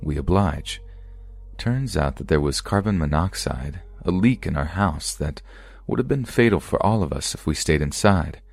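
A man reading true scary stories aloud as a podcast narrator, in a calm, even storytelling delivery. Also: extremely low pitch, moderate pace, vocal fry, husky, dry recording.

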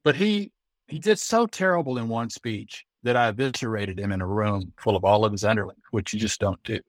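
A middle-aged American man, a guest on an interview, telling lively anecdotes and acting out the dialogue he quotes. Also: fairly low pitch, fairly quick, no room sound. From United States. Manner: lively storyteller who acts out quoted dialogue. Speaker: guest, Olympic bid consultant.

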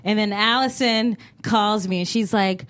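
A woman's voice: mid-range voice, steady tone, unhurried, fairly bright tone. A woman co-hosting a live comedy podcast, chatting and laughing as she tells a ranting anecdote. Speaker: podcast co-host. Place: live show stage with audience.

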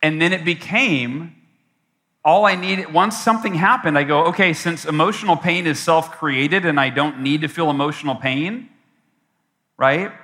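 At normal speed, a higher-pitched man with a bright, forceful voice tells a story during a motivational keynote, imitating how he once sounded with wide swings. The sound carries the long reverb of a big event hall.

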